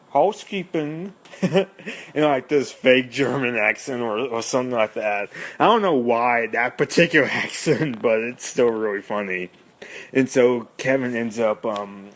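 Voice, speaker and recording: A man with a fairly low voice hosts a podcast and talks through a film plot casually. He rambles and hesitates, circling back when he is unsure of the details. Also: a little hiss or hum. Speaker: podcast host.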